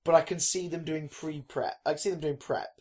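Upbeat high-voiced British man. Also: fairly even intonation, a little mellow. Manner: quick, joking, slips into silly voices. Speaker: podcast co-host. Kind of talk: casual chat.

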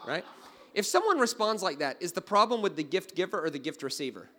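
A man preaching a sermon, telling stories and swinging from quiet asides to loud exclamations. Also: high-pitched, very animated, brisk. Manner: storytelling, jumping from hushed to loud exclaiming. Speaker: pastor.

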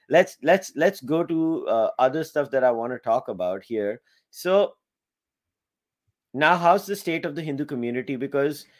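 A man's voice: mid-range voice, a little mellow. A man hosting a podcast in a mid-range voice. He talks casually and chattily, often stammering and repeating words as he asks his questions. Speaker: podcast host. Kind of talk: conversational interview.

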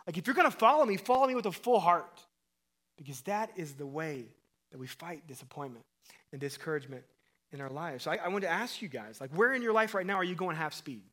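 High-voiced preacher, loud to hushed. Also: male voice, lively intonation, fairly quick. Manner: preaches with sweeping swings between loud emphatic calls and quiet low stretches; acts out quoted voices and asks the crowd questions. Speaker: pastor. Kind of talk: sermon.

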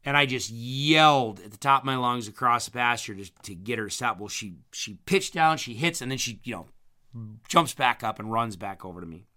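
A man telling a rambling story in a casual chat, his voice strained after hurting his vocal cords, clearing his throat often. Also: mid-range voice, expressive, a little fast, bright, forceful tone.

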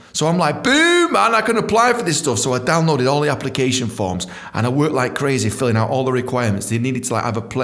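Animated man telling stories. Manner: animated, swears freely, acts out quotes in high voices. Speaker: podcast host. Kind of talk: storytelling podcast.

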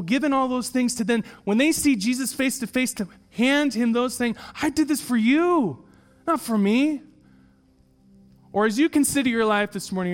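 A man preaching a sermon in a church and reading an allegory aloud, earnest and emphatic, repeating his key lines. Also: very high voice. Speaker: pastor.

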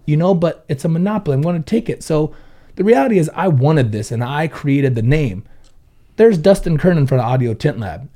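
A man's voice: fairly high pitch, warm tone. A man in his thirties from Southern California who owns a car audio shop, chatting casually with blunt, profane storytelling and quoted back-and-forth. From Ventura County, California. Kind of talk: casual podcast chat.

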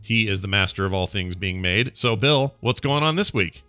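A man's voice: fairly low pitch, animated, moderate pace, bright, forceful tone, clear, resonant tone, no echo. A man hosting a podcast in casual chat, rambling and jokey with lots of fillers. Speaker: podcast host.

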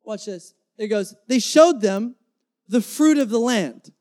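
Male pastor, slow deliberate delivery, dynamic emphatic sermon in a church. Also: high-pitched, lively intonation, darkish tone. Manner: dynamic, emphatic preaching with acted-out quotes. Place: church before a congregation.

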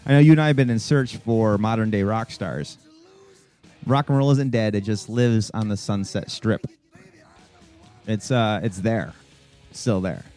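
A man's voice: fairly low pitch, measured pace, pauses often, darkish tone. A man co-hosting a podcast, rambling through a story in casual chat and laughing easily, with faint rock music playing behind him. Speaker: podcast co-host.

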